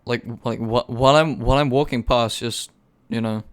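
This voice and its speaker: A teenage lad with an English accent tells a long story to his podcast mates, stopping often for fillers. His voice is smooth and clear, sitting in the middle for pitch. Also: fairly even intonation, moderate pace. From England. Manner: rambling with many fillers, swears a lot. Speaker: podcast co-host. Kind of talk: casual chat, storytelling.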